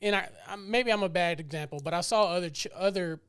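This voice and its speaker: A man's voice: high-pitched, fast talker, fairly bright tone, clear, resonant tone, no echo. A man co-hosting a podcast, chatting casually and swearing freely as he rambles through stories. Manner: loose, profane, rambling with frequent "you know". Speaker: podcast co-host. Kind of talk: casual chat.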